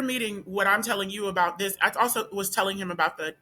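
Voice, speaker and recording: A woman student talking straight to camera in a casual vlog, emphatic and full of rhetorical questions, with a voice that is not deep. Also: fast talker, pushed and bright. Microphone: camera or phone facing speaker.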